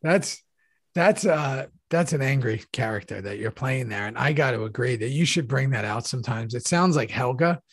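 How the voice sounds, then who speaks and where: A middle-aged man co-hosting a podcast, a relaxed, rambling storyteller who swears freely. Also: medium pitch, normal speed, husky. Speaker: podcast co-host. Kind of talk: casual chat.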